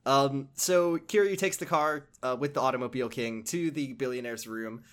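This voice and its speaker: A man's voice: mid-range voice, normal speed, smooth. A man recapping a video game on a podcast. He rambles and swears, and his talk is full of hesitations and restarts. His voice sits in an ordinary middle register.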